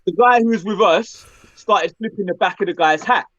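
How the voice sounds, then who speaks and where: A man telling animated stories as a podcast co-host, often tagging his lines with questions. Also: high voice, normal speed, muffled recording. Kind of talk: casual chat, storytelling.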